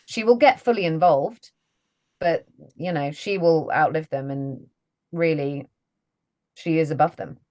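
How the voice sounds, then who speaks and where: A low-voiced woman, talking casually as an interview guest. She is chatty and self-deprecating and laughs easily. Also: measured pace, pauses often, a little mellow. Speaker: voice actress, guest.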